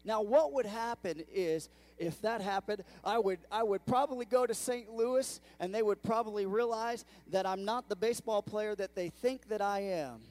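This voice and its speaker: A man pastor preaching a sermon to his congregation, calling out to the room and swinging between hushed and loud delivery. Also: high-pitched, moderate pace, few pauses. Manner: animated preaching with audience call-outs. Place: church sanctuary.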